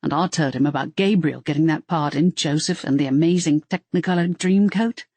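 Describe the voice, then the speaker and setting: A woman's voice: deep voice, fairly quick, darkish tone, no echo. A woman voicing a cheerful male werewolf family man who rambles on about his kids. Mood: chatty.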